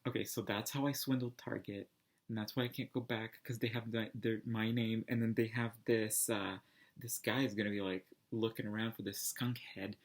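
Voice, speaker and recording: A man's voice: lowish voice, moderate pace. Rambling man telling a funny story. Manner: rambling, animated, heavy use of "like" and restarts. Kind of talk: casual anecdote telling.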